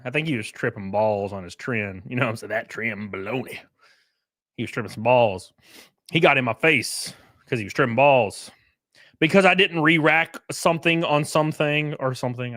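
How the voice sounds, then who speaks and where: Lively, high-voiced male streamer. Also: no room sound, clean studio sound. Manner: animated, profane, acts out quotes in stories. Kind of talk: casual live-stream reaction commentary.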